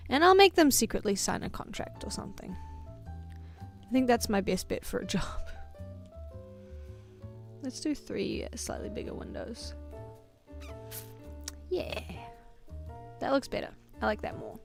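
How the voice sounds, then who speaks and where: Brief: young New woman, slightly high voice, rambling self-mocking streamer chat, faint music underneath. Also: big pitch swings, a little slow, gravelly, long pauses. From New Zealand. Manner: rambling, self-mocking, laughs between thoughts. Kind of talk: casual chat while drawing on stream.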